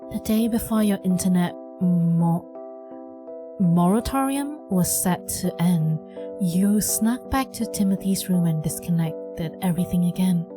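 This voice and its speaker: A woman's voice: fairly low pitch, a little slow, over music. A woman gaming streamer reacting bluntly while playing a story game and reading its narration aloud. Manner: reacts bluntly, expressive asides. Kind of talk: let's play commentary and reading game text.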